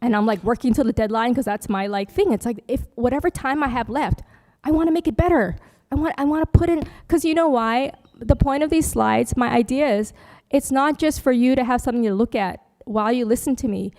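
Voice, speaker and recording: A woman's voice: on the high side, fairly quick, darkish tone. A woman, a Buddhist nun, giving a chatty, joking dharma workshop talk with slides. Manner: chatty, joking asides, laughs often.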